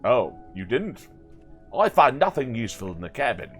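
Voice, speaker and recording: A man's voice: medium pitch, sing-song, moderate pace, fairly bright tone, soft background music. A man hosting a let's play video, commenting playfully and sarcastically with jokey asides. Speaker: gaming video host.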